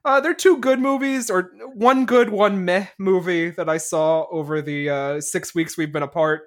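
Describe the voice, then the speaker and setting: A woman co-hosting a podcast, giving casual movie reviews in an animated, giggly way. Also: fairly low pitch, normal speed. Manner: animated, giggly, acts out quotes. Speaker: podcast co-host.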